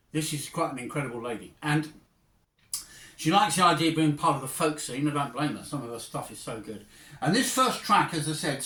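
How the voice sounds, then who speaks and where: A man's voice: fairly high pitch, fairly bright tone, reverberant, distant mic. A man hosting a casual album review, chatty and digressive with real enthusiasm. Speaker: music review host.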